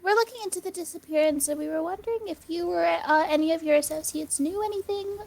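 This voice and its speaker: A woman player at a tabletop game, chatting quickly and casually. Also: extremely high pitch, creaky, darkish tone. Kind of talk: casual chat.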